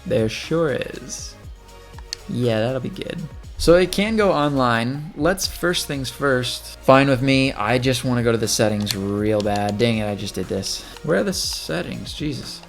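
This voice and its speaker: A man with a gravelly, fry-edged voice talks his way through a video game in easy, chatty commentary. He thinks aloud as he plays, and faint game music runs underneath. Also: mid-range voice, animated, a little slow. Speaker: gaming channel host. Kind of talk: casual gameplay commentary.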